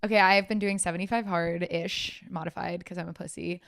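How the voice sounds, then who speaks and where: Young woman, podcast co-host, joking and lively, fond of correcting others; dry close-mic sound. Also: lowish voice, brisk, gravelly, no echo. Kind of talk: casual podcast chat.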